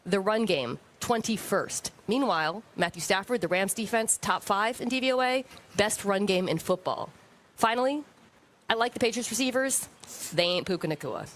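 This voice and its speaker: Woman football analyst, mid pitch, calm and methodical, walks through the numbers point by point. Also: a little hiss or hum. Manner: measured, argues with statistics point by point. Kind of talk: broadcast sports analysis.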